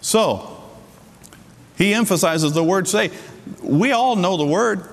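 A middle-aged male pastor preaching a sermon, emphatic, with sudden jumps in pitch and slowed, stressed words. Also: animated, long reverb tail.

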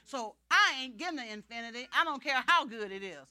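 A woman preaching a personal testimony in a bright, forceful voice, a little higher than most. She tells it as animated storytelling and acts out each exchange. The sound is close and dry. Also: brisk, no room sound. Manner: animated storytelling, acting out dialogue. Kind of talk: sermon testimony.

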